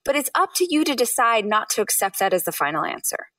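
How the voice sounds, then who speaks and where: A woman in her thirties, an author guest on an interview podcast, telling her story with lively acted-out quotes. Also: fast talker, dry recording, recorded from a distance. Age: 30s. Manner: animated, acts out quotes with high bursts.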